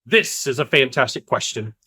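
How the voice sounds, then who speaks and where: A man giving an energetic solo talk of sales advice, emphatic and repetitive, now and then acting out the quick voices of other people. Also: mid-range voice, slightly rough. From Kentucky. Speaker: sales coach.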